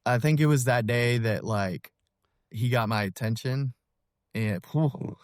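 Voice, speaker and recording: A man in his thirties telling his personal story as a podcast guest, earnest and halting, with many fillers and restarts. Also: mid-range voice, no room sound, studio quality. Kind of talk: personal testimony in an interview.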